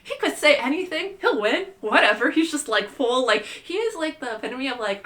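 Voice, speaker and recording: Bright-voiced young woman rambling casually. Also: high-pitched, sing-song, moderate pace, hardly any pauses. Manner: chatty, says "like" constantly, playful and irreverent. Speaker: vlogger.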